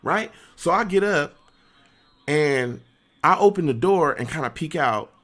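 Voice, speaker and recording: A man streaming, telling a story in an animated, slangy way and laughing often. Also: on the high side, unhurried. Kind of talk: casual storytelling.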